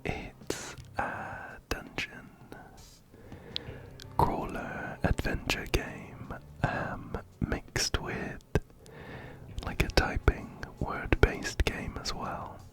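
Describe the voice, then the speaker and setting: A man whispering gently up close into a binaural mic as an ASMR host chatting through a game. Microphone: binaural ear-to-ear mic.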